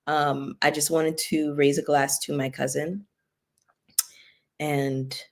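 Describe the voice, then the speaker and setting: A woman hosting a casual livestream, chatting with viewers and thanking them by name, with features. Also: sits low. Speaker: YouTube commentary host.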